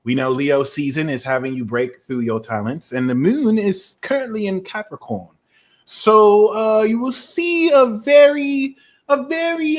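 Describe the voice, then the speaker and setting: A boastful British tarot reader with a slightly high voice, as a man puts him on, drifting into an Americanized version of the accent. He teases and rambles with plenty of fillers, keeping a cocky live-stream swagger. It comes across as a playful put-on persona. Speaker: tarot reader, livestream host.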